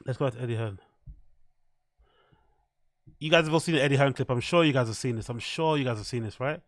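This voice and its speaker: A man's voice: medium pitch, very fast, no echo. A man, commenting to his chat on a live stream in a rambling, profane way.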